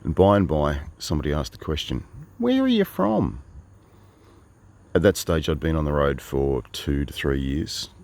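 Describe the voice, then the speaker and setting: Australian man, 50s, very deep voice, casual wry storytelling, rambling asides. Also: steady tone, brisk, few pauses, a little mellow. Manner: meandering, wry, full of asides and restarts. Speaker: travelling storyteller. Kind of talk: casual spoken monologue.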